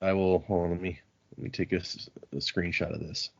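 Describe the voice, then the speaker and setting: A man hosting a podcast, recapping chapters in a casual, animated way with frequent laughs and restarts. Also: sits low, brisk, gravelly. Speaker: podcast host recapping a book. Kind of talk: casual book-club chat. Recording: dull lo-fi podcast audio.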